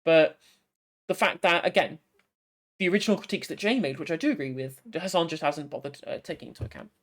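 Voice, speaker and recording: Video commentator, fast, assertive, pointed criticism, mid pitch.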